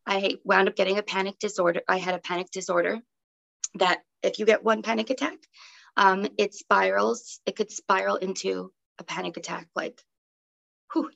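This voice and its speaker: A woman's voice: mid-range voice, little pitch movement, a little slow, creaky, long pauses, fairly bright tone. A young adult woman telling her own story as a podcast guest in casual, conversational speech filled with "um" and "like". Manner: chatty, many fillers like "um" and "like". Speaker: podcast guest, breathwork teacher. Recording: dull lo-fi audio.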